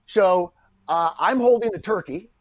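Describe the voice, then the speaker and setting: A middle-aged man, a guest actor on a podcast, telling a story in a lively way, acting out the people he quotes and often restarting his sentences. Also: sits high, unhurried. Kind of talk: anecdotal storytelling in a podcast interview.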